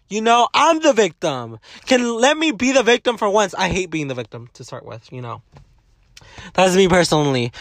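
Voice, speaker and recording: A young man with a high-pitched voice rants into his camera, dramatic and full of swearing. He talks like a student venting about school and the people around him, in a loose, casual vlog. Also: big pitch swings, fairly quick, a bit bright, no room sound. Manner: ranting, profane, dramatic. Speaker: vlogger, student. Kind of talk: profane ranting vlog.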